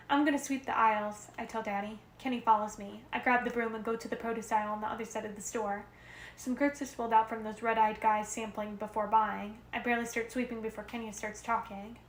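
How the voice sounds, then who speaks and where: A woman's voice: on the high side, fast. Woman reading a novel in an echoey room. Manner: steady first-person narration, occasional self-corrections. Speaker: reader. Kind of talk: amateur audiobook reading of a novel. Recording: roomy echo with faint noise.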